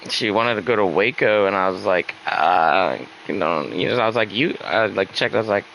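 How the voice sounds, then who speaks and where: A man's voice: fairly low pitch, normal speed, gravelly, a bit bright, slight background noise, low-quality recording. A young man venting casually in a rambling, upset way, with lots of fillers and swearing. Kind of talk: casual venting while gaming.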